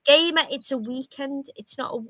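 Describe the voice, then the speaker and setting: A woman's voice: sits high, normal speed, a crowd in the background. A blunt woman on a casual live panel chat who swears and interrupts. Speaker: panel guest.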